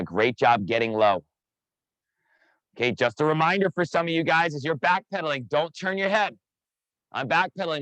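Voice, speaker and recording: An energetic man coaching a live online workout class over a video call, counting down reps and calling out participants by name. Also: medium pitch, no room sound, rough recording. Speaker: fitness instructor.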